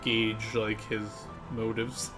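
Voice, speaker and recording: A man's voice: lowish voice, little pitch movement, takes it slowly, music in the background. A man running a tabletop game, narrating in a loose, rambling way with many fillers. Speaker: game master.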